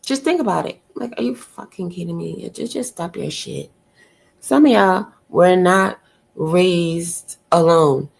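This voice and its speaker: A woman streamer ranting in blunt, exasperated commentary, firing off rhetorical questions and swearing freely. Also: lowish voice. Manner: loud and gushing when she greets a viewer.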